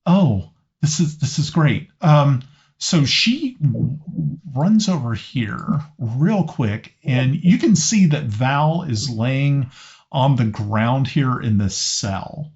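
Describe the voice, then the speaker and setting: A man's voice: medium pitch, lively intonation, slow pace, darkish tone. A man narrating as game master of a tabletop game, hesitant and often restarting his sentences. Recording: slightly muffled lo-fi audio.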